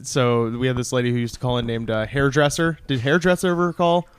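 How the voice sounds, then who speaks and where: A man's voice: mid-range voice, steady tone, fairly quick, smooth. A man co-hosting a podcast, telling a rambling, laughing anecdote in casual talk. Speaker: podcast co-host. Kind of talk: casual storytelling.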